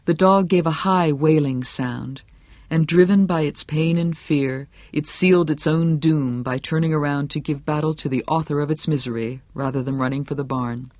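A man narrating an audiobook in a steady, measured storytelling manner. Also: on the high side, no echo. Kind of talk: scripted narration.

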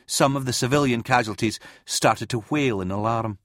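A man narrating an audiobook in an expressive reading style. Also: mid-range voice, normal speed, dry recording, studio quality. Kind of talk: scripted narration.

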